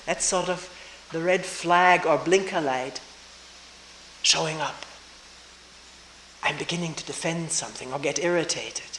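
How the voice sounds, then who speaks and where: Older woman, retreat teacher, unhurried and reflective, roomy old recording with faint hiss. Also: sits low. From Germany. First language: German. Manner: slow, thoughtful, pausing, soft laughs.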